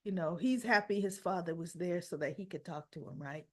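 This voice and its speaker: A woman's voice: fairly low pitch, a little fast. A woman retelling a soap opera episode in a chatty, casual way, often adding "you know" and "right?".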